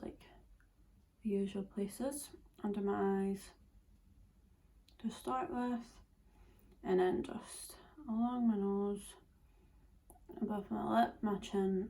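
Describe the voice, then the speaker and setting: This nineteen-year-old from Scotland, a beauty vlogger, chats her way through a makeup tutorial in a relaxed manner, with lots of fillers and the odd whisper. She has a warm, mid-range voice with fairly even intonation, speaking slowly and pausing often.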